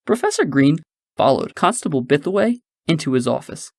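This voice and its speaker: A man narrating a science-fiction audiobook in a measured storytelling manner. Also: fairly high pitch, sing-song, no room sound, clean studio sound. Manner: measured storytelling, shifting into character voices.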